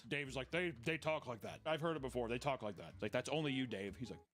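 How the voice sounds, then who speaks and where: A man riffs through comedic reaction commentary with a sarcastic, profane edge. His delivery swoops lively up and down and keeps breaking into quick jokey voices, and his voice sits a touch high for a man. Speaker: commentary host.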